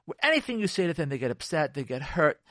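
A middle-aged man talks in a fairly high voice on a radio show. He is emphatic, repeats phrases for stress and keeps turning to the listener questions. The sound is close and dry. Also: big pitch swings, fast talker, sharp tone, no echo. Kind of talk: animated talk on relationships, reading and commenting.

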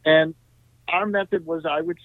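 A man, a guest musician, telling animated stories in a podcast interview, full of "you know" and "right?". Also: a little high, moderate pace, no room sound. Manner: animated, tag questions, frequent "you know". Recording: tinny dry phone-like line.

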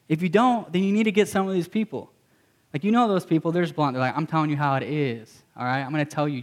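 Higher-voiced man preaching emphatically. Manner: emphatic and repetitive, casual slang. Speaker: pastor. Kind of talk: sermon.

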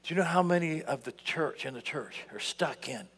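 A man preaching with a lively, swooping delivery, his voice sitting a little high for a man. He jumps from loud outbursts to hushed asides. The sound carries a long reverb from the church around him. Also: moderate pace, gravelly, breathy edge. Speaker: pastor. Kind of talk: sermon. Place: church sanctuary.

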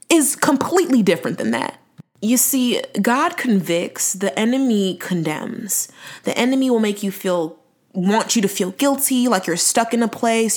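A young woman hosts her own faith podcast, speaking straight to her listeners. She talks earnestly and with conviction, stretching out key words the way a preacher does. Her pitch sits in an ordinary middle range. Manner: earnest, preachy, emphatic with dramatic slow-downs. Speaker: podcast host. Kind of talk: faith-based podcast monologue.

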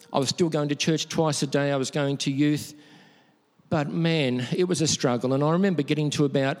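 A man's voice: mid-range voice, a little mellow. A middle-aged man with an Australian accent, preaching a conversational sermon full of personal stories and repeating words for emphasis. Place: church hall. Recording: long reverb from a church hall.

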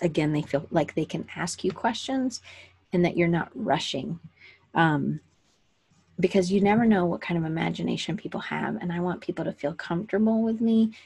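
A husky, lowish woman's voice with a darkish tone leads a relaxed livestream for creative business owners. She chats and wanders, often using fillers and correcting herself.

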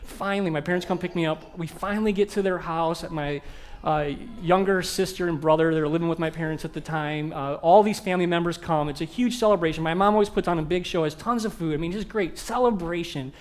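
High-voiced pastor telling a funny story. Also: male voice, fast talker. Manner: animated, self-mocking humor. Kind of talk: storytelling sermon.

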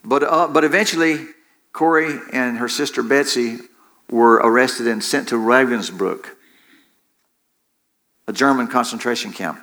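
This preacher's mid-range voice has a sharp edge, and he speaks a little slowly with frequent pauses. Restarting phrases and repeating himself, he engages his congregation through call-and-response during the sermon.

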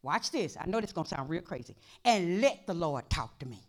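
A woman pastor preaching a sermon in a church, impassioned and repetitive, dropping to a hush and then rising to shouts. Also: lowish voice, very animated, a little fast. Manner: impassioned, repeats phrases, swings from hushed to shouting.

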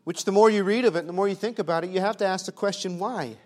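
Fast and high-voiced, a male preacher fills his sermon with rhetorical questions. His delivery shifts from quiet and gentle to loud and forceful.

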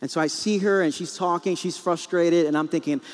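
With a steady tone, a fairly quick pace and a voice that's a little high, a pastor in his forties tells a comic story about his marriage during a sermon, acting out its quoted voices. The recording has the long reverb of a large hall.

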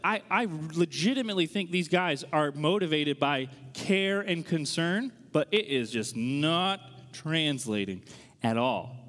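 Animated preacher man in a big hall. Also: high voice. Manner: animated, conversational storytelling with quick asides. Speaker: pastor. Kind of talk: sermon storytelling.

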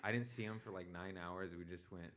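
A young man in casual chat, telling laid-back stories, trailing off quietly and acting out the voices of others. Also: low-pitched, fairly even intonation, brisk. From US West Coast.

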